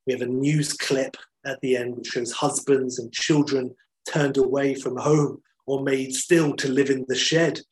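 A man's voice: mid-range voice, level tone, a little slow, poor audio. A man, a podcast host, telling a story in enthusiastic, chatty talk with many fillers. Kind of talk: casual storytelling chat.

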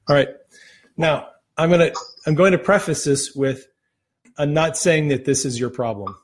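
Husky-voiced man telling a faith story. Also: fairly high pitch, unhurried, long pauses. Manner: earnest, conversational, retells stories with quoted voices. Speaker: ministry host. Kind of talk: casual faith talk and storytelling.

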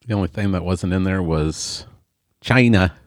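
A man hosting a podcast in casual chat, genial and halting, with frequent restarts. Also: sits low, steady tone, darkish tone, no echo, studio quality. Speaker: podcast host.

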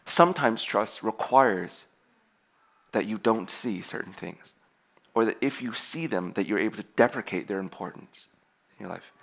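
Forceful, bright-voiced preaching man. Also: lowish voice, normal speed, creaky. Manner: animated, laughing, stumbling restarts. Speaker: pastor. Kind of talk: sermon.

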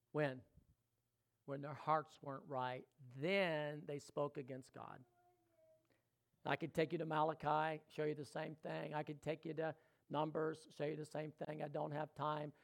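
A male pastor preaching a sermon, swinging between loud exhortation and hushed, intimate talk and putting questions straight to the congregation. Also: fairly high pitch, steady tone, slow pace, vocal fry, pauses often.

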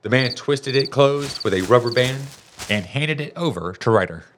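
A man reading a children's storybook aloud in an expressive, animated way. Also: medium pitch, normal speed, background noise. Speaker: narrator.

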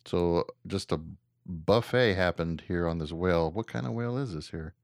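Relaxed low-voiced man hosting a podcast. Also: moderate pace, vocal fry, dry recording, studio quality. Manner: relaxed, joking, reads articles aloud with filler "uh". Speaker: podcast co-host. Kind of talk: casual chat, reading news aloud.

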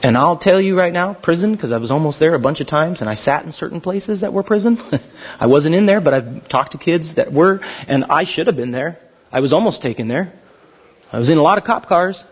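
A man delivers a sermon in a high, husky voice that climbs and dips all over as he acts out the people in his stories. His energy stays lively throughout. The recording sounds dull and lo-fi. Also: fairly quick. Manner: animated storytelling, acting out quotes. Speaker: preacher.

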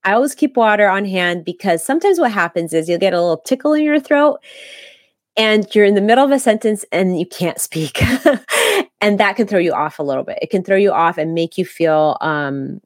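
A woman's voice: medium pitch, animated, a little fast, no room sound, clean studio sound. A woman co-hosting a podcast, giving chatty tips with frequent ums and restarts. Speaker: podcast co-host. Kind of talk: casual podcast chat.

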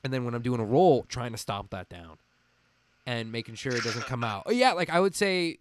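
A man hosting a podcast, talking in a rambling, animated way with a faint Midwestern American accent over a video call. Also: mid-range voice, a little fast, noisy background. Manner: animated, rambling, laughs often. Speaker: podcast host and voice actor. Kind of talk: casual chat.

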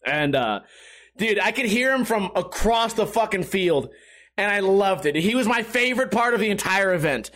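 A young man hosting a casual podcast, profane and animated, bursting into loud shouts. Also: high-pitched, normal speed. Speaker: podcast host. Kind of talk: casual rambling chat. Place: at home.

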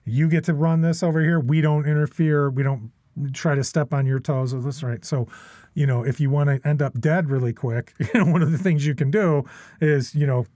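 A man's voice: a little high, fairly even intonation, brisk, warm tone, dry recording. A middle-aged man telling stories as a podcast guest. He rambles and restarts a lot, tags his sentences with questions, and swears often. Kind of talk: casual storytelling.

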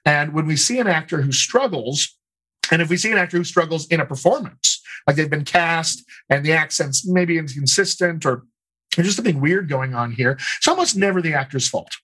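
A man working as a dialect coach, answering interview questions in an explanatory, animated way and laughing easily. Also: fairly high pitch, low-quality recording.

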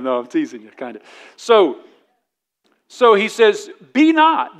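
A male pastor preaching a sermon to a congregation, teasing them and reading scripture aloud in King James wording. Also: high-pitched. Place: church service before a congregation.

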